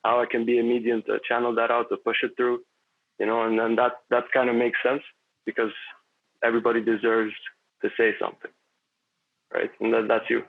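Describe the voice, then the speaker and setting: Male podcast guest, mid pitch, rambling and reflective, gravelly, heard through a narrow phone-like line. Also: level tone, fairly quick, long pauses. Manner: rambling, philosophical, with many fillers and restarts. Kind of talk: casual conversation.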